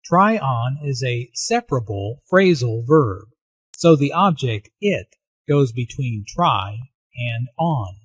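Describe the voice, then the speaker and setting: A man's voice: mid-range voice, sing-song, takes it slowly, breathy edge, no echo. A man narrating an English lesson in a plain, instructive way and reading practice dialogue lines. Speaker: English teacher.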